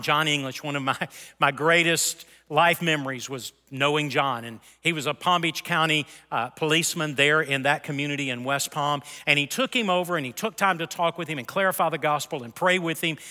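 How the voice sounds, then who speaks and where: A man's voice: a little high, sharp tone. A middle-aged male pastor preaching a sermon, telling a story in an earnest way with frequent restarts. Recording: long hall reverb.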